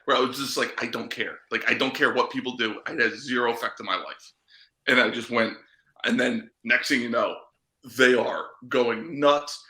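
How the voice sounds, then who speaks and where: Wry man with a very bright voice. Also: medium pitch, steady tone, moderate pace, roomy sound, rough recording. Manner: wry, laughs often. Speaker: podcast co-host. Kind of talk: casual chat.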